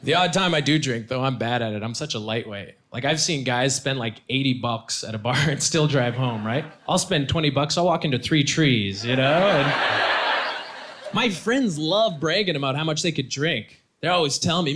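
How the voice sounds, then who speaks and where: A man's voice: medium pitch, moderate pace. A man performing stand-up comedy with punchy, self-deprecating delivery. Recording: live show with loud crowd and noise. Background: audience laughter.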